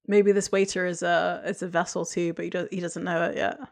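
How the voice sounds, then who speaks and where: A young woman co-hosting a podcast, chatting casually, laughing often and agreeing with quick affirmations. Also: fairly low pitch, flat delivery, vocal fry. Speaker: podcast co-host. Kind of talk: casual chat.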